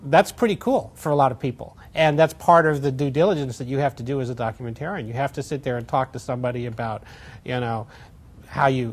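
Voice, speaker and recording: Fast-talking man, lively filmmaker. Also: mid-range voice. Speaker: documentary filmmaker. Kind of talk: interview answers.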